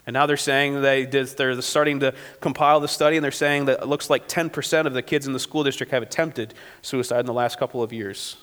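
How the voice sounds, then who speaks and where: A pastor delivering a conversational sermon, often tagging lines with "right?" and now and then acting out a quote in a sudden, high, shouted burst. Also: male voice, steady tone, brisk, few pauses, clear, resonant tone. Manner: conversational preaching with frequent "right?" tags. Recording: long hall reverb.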